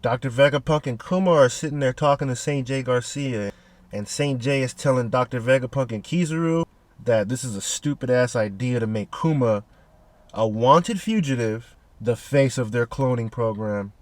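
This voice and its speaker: A man casually recapping a manga chapter with heavy profanity and slang, excitable and animated. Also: mid-range voice, moderate pace, dry recording.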